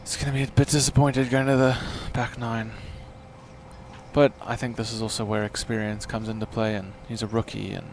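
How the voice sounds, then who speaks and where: A man giving live golf commentary in a relaxed, chatty way, with tips and play calls. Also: on the low side, fairly quick, a little hiss or hum.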